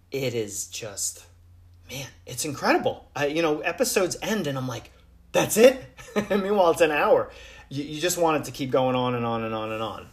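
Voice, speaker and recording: A man's voice: mid-range voice, fairly bright tone. A young man hosting a casual solo sports podcast, enthusiastic and rambling, laughing often. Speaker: podcast host.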